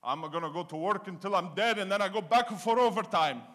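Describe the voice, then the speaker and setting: A man's voice: high voice, brisk, fairly bright tone, slight background noise. A man voicing his blunt older immigrant father. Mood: stubborn. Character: gruff older Italian immigrant father, workaholic.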